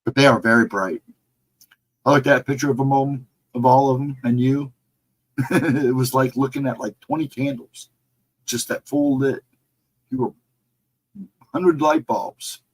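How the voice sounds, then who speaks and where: A middle-aged man hosting a casual livestream, reading the chat and answering viewers in a relaxed, reassuring way. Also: mid-range voice, a little slow, long pauses, rough recording. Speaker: livestream host.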